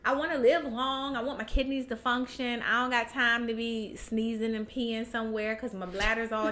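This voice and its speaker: A woman's voice: a little high, flat delivery, moderate pace, few pauses, a bit bright. A woman guest on a podcast, talking candidly with many fillers and restarts and laughing often. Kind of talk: candid personal chat.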